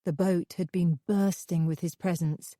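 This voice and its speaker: A woman narrating a thriller audiobook in the first person, with steady, measured storytelling. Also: fairly low pitch, dry recording, clean studio sound.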